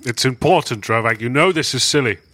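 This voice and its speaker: A man's voice: medium pitch, a little fast, fairly bright tone, dry recording, close to an everyday voice. A man voicing a polite, earnest adventurer, pleading and persuading.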